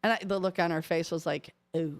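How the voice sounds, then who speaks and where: A woman's voice: fairly low pitch, fairly even intonation, fast. A middle-aged woman co-hosting a radio show, telling family stories in casual chat and laughing often. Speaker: radio co-host.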